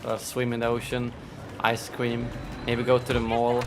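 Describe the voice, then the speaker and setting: In a completely flat, mid-range voice and a slightly slow pace, a man streams himself playing a shooter. His casual commentary mixes thinking aloud, grumbling about his play, and thanks to donors, over clear background noise.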